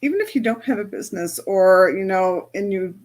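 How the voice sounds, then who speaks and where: A woman's voice: medium pitch, expressive, fairly quick, darkish tone. A woman teaching a group as a spiritual and business coach, in a chatty, casual way that keeps checking in with her listeners. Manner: chatty, often checks in with "right?".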